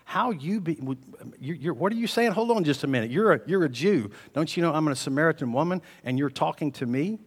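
A man voicing a pleading, flustered Samaritan woman at a well, his pitch raised and his words rushed, in a big echoing hall. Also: fairly bright tone, exaggerated voice. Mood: incredulous.

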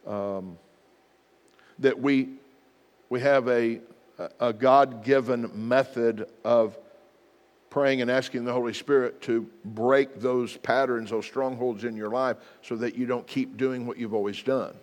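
A man's voice: mid-range voice, fairly even intonation, a little slow, in a large hall. A middle-aged man, a pastor, preaching a sermon in an earnest, plain-spoken way with repeated exhortations.

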